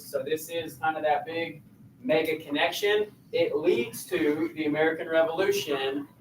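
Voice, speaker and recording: A man's voice: a little high, slight background noise. A male teacher giving a casual classroom lecture and quizzing his students with questions. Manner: conversational, asks the class questions. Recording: echoey classroom, voice from a distance.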